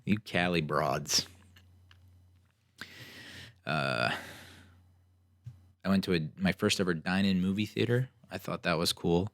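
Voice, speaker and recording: A young man from New Jersey hosting a podcast, telling stories in a casual, animated, sarcastic way and acting out what other people said. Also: sits low, moderate pace, gravelly, long pauses, no room sound, studio quality. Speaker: podcast host. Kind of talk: casual solo storytelling.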